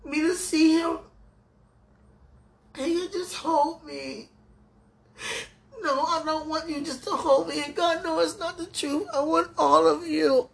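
A woman speaking an emotional prayer out loud, pleading and tender, repeating her phrases. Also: sits high, fairly even intonation, slow, vocal fry, pauses often.

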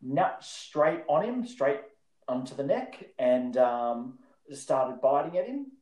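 A man's voice: mid-range voice, very animated, takes it slowly, warm tone. A man telling a story as a podcast guest, rambling with many fillers and frequent laughter. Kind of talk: casual storytelling. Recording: roomy echo.

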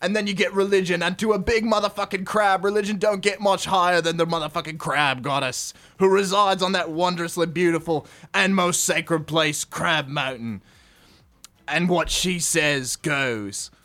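A man's voice: high-pitched, normal speed. Man putting on a brash Aussie crab narrator. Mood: swaggering. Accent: put-on Australian. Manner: loud, strained, swaggering delivery. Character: gruff profane Australian rulebook narrator, man. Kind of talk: comedic dramatic reading of game rules.

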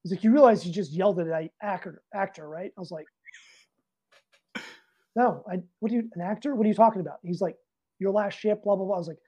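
Animated, swearing man telling a story. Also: sits high, quick pace, pauses often. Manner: animated, profane, acts out both sides of dialogue. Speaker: podcast guest, Navy master chief. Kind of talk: casual anecdote in an interview.

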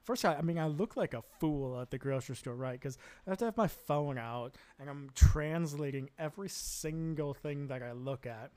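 Man, American accent, fairly high voice, casual podcast host, rambling, self-deprecating, chuckling. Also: normal speed, few pauses, mellow. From United States. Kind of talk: casual solo podcast storytelling.

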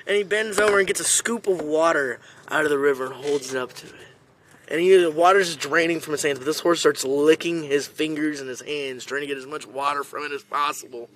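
A man telling a comic story in a profane, animated way, swearing constantly. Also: on the high side, normal speed. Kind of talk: comedic storytelling.

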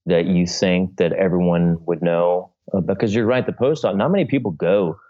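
A very deep-voiced man chats haltingly in a comedic back-and-forth. His audio sounds dull and lo-fi. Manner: hesitant, halting. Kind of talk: comedic casual chat.

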